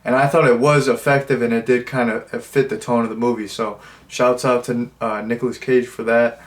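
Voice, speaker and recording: A man's voice: mid-range voice, level tone, moderate pace. Guy rambling thru a movie review, lots of ums and restarts, pokes fun at himself. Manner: self-mocking, lots of fillers and restarts.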